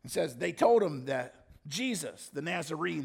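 A man's voice: a little high, animated, moderate pace, vocal fry, husky. A male pastor preaching a sermon, telling a story with dramatic shifts.

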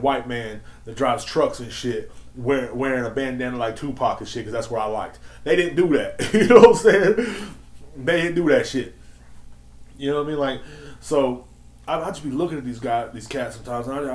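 Profane man ranting in an echoey room. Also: mid-range voice. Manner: swaggering, slangy, profane, mocking. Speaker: podcast host. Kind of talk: profane solo podcast rant.

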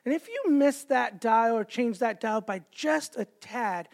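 A man's voice: extremely high pitch, lively intonation, a little slow, gravelly. Chatty joking preacher man. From Los Angeles area, California. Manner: chatty, self-deprecating storytelling with jokes. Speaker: guest evangelist preacher. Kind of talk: sermon. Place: church sanctuary with stage.

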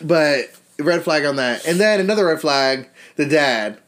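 Animated young man gossiping loudly. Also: fairly high pitch, measured pace. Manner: animated, profane storytelling with mocking voices. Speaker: podcast co-host. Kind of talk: casual gossip chat.

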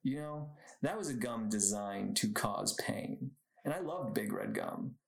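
A man's voice: lowish voice, animated, measured pace, creaky. A young man hosting a podcast on his own, chatting casually, rambling off on tangents and laughing often. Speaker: podcast host. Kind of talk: casual solo podcast chat. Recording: echoey room.

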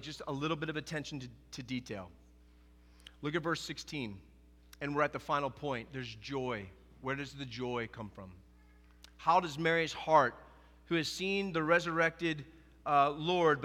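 A man preaching a sermon as pastor, in an animated, conversational way, often acting out quoted dialogue. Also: on the high side, big-room sound.

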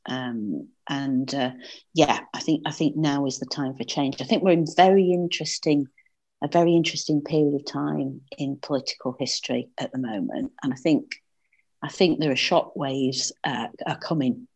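A woman's voice: a bass voice, normal speed, a little mellow. A woman with a Northern English accent, speaking earnestly as a political campaigner in an interview, with frequent fillers and restarts.

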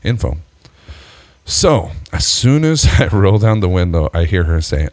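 A man with a low voice spins a story in relaxed chat. He jumps up high whenever he acts out what people said, laughs a lot, and swears freely. The sound is close and dry. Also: a little slow, dry recording. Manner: animated storyteller, jumps high when acting out quotes, laughs often; swears freely, says "bro" and "dude". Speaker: podcast co-host telling a story.

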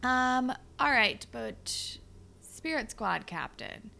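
Podcast co-host, young woman, gravelly edge to her voice, animated recap chat. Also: on the high side. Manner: animated, acts out characters' lines in quick voices.

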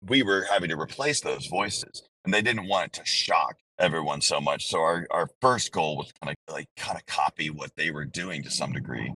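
A man's voice: rumbling low, sharp tone, slightly rough, no echo, poor audio. A man who works as a voice actor, being interviewed in a candid, rambling way, often breaking off and restarting his sentences. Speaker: voice actor guest. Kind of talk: casual interview conversation.

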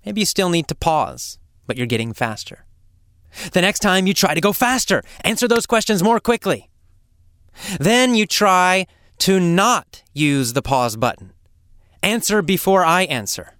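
A man teaching English learners in a slow, emphatic, deliberate way, now and then dropping to a hushed aside for effect. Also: fairly high pitch, smooth, no echo, studio quality. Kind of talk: spoken lesson to learners.

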